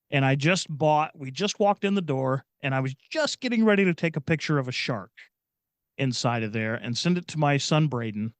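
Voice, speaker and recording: A middle-aged man from Indiana telling a personal story as a podcast guest, earnest and halting, often restarting his sentences. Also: mid-range voice, no room sound. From Indiana, USA. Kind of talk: personal storytelling in casual chat.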